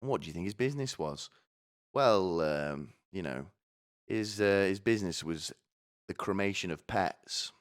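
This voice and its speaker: A man's voice: sits low, lively intonation, normal speed. A man ranting alone on a live stream, provocative and full of asides. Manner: rambling and provocative, swearing, asking "right?". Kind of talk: solo stand-up style rant.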